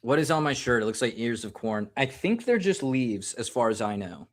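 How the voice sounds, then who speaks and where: A sing-song, mid-range voice at normal speed belongs to an American man rambling on a live stream. He jokes at his own expense in a loose, casual way, like he's having a drink while on air.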